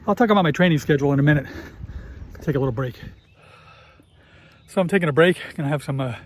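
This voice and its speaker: Chatty man in his fifties, bit high. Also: a little hiss or hum. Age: 50s. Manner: casual, chatty, swears freely. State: out of breath at times. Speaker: vlogger. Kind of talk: casual chat while cycling. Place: outdoors on a country road.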